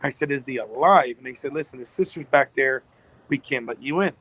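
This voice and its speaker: Guy running a business, rambling emotional story on a podcast, bright voice, dry sound. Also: mid-range voice, brisk, no room sound, poor audio. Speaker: business owner guest.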